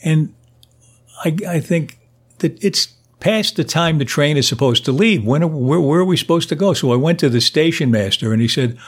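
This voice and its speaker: An older man, a podcast guest, telling a story with lively delivery and frequent laughter. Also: on the high side, normal speed, slightly rough. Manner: animated, laughs through his stories. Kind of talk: storytelling anecdote.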